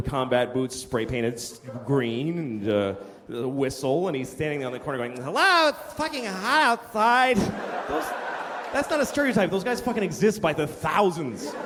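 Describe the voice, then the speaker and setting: A man performing a stand-up comedy routine in an incredulous, profane rant. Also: sits high. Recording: reverberant hall with noisy room.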